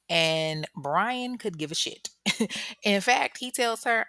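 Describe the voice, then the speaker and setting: A woman telling a true-crime story in a low, close, dry voice. Her delivery is chatty and slangy, salted with profanity and ad-libbed commentary. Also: lively intonation, measured pace, vocal fry, a bit bright, dry recording. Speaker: podcast host.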